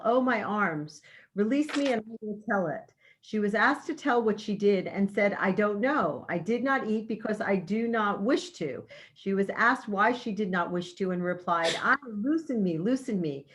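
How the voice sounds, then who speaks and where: A woman in a class reading a historical text aloud in an even, measured way. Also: mid-range voice.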